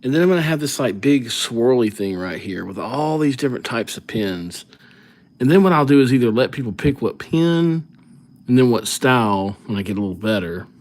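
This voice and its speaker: A man with an ordinary midrange voice chats on his live stream in an easygoing, rambling way. He wanders off on tangents and thinks aloud as he goes, never rushed or formal. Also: medium pitch, lively intonation, a little mellow. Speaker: livestream calligraphy host. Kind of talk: casual live-stream chat.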